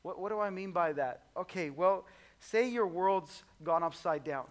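A man preaching a sermon in a conversational, humorous way, swinging between soft low asides and loud high exclamations. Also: moderate pace. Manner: conversational and humorous, acts out voices of the disciples. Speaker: pastor.

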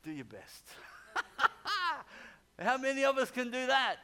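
A man's voice: extremely high pitch, huge pitch swings, slow pace, pushed and bright, clear, resonant tone. A man preaching a sermon in a conversational way, often repeating phrases for emphasis.

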